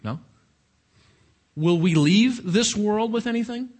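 A man's voice: high-pitched, expressive, takes it slowly, a little mellow, breathy edge. A man preaching a sermon, questioning his congregation and stressing his points. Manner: questioning the audience, emphatic.

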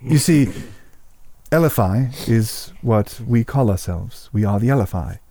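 A man's voice: medium pitch, animated, a little slow, mellow, no echo. A man voicing a possessed elf woman who is politely formal and slightly condescending.

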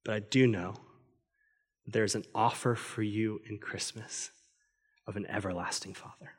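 A pastor delivering a Christmas-season sermon as earnest, conversational storytelling, recorded in a church. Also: male voice, fairly low pitch, fairly even intonation, unhurried, husky. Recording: long reverb of a large hall.

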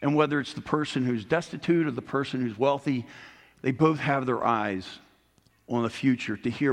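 A man's voice: medium pitch, normal speed. A middle-aged man preaching a sermon as a pastor, earnest and rising to emphasis on key points. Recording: long hall reverb.

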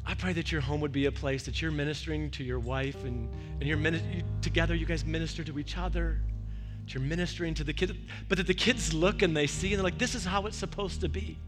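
A man's voice: a little high, fast talker, music in the background. A male pastor preaching a verse-by-verse sermon, telling stories and acting out the voices he quotes. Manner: animated storytelling with quoted voices.

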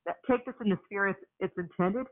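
A woman hosting a casual conversation, speaking in a measured, gently teasing way. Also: mid-range voice. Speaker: podcast host. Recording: phone-like narrow sound.

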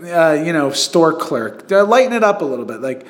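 A man's voice: fairly high pitch, very animated, moderate pace. Rambling, laughing young-sounding man chatting. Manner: rambling storyteller, many fillers and restarts, laughs often. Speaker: podcast host. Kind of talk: casual chat.

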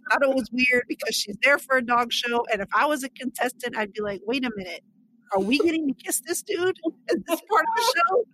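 A woman in casual podcast chat, telling a story with lots of animation and snapping into characters' lines. Her voice sits fairly high and bright. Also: slight background noise, low-quality recording. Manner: animated, acts out characters' lines in quick bursts. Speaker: podcast co-host. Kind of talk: casual chat recapping a book and movie.

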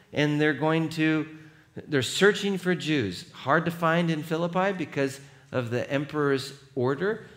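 A man preaching a sermon as pastor, animated and emphatic, and rallying the congregation. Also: fairly high pitch.

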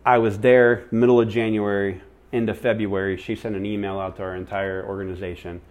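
Low-voiced male church speaker, lively storyteller who acts out the people he quotes. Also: fairly quick. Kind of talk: sermon storytelling.

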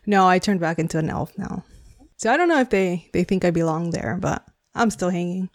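A woman playing a tabletop game, calm and matter-of-fact. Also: on the low side, brisk, no echo. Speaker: player. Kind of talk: casual in-character game talk.

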